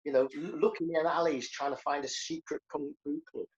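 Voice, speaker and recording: Speaking as a guest in a relaxed interview, this Liverpudlian comedian and karateka in his sixties has a slightly high, sing-song, creaky voice and talks fairly quickly. He is earnest and reflective, often stammering at the start of sentences, and the audio is lo-fi.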